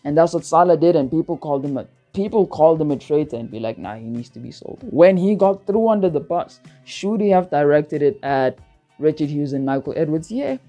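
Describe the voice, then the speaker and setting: A man's voice: fairly high pitch, lively intonation, a little fast, mellow, soft background music. A man hosting a football channel, ranting heatedly and profanely, repeating himself for emphasis. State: worked up, feels hot-headed. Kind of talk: heated football rant to camera.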